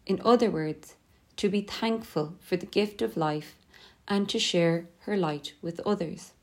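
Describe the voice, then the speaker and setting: A woman reading a scripted poetry lesson in a steady, measured way. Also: fairly low pitch. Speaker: teacher.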